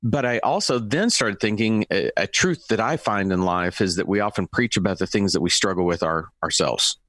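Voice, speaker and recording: A man co-hosting a casual podcast, thinking aloud in a reflective, measured way. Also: lowish voice, a bit bright, no echo. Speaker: podcast co-host.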